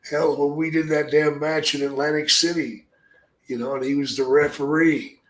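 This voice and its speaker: An older man tells stories on a podcast in a blunt, profane way. His voice sits a bit high for a man, and it carries a roomy echo. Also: steady tone, normal speed, a bit bright. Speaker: podcast host, former wrestler. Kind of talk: casual storytelling.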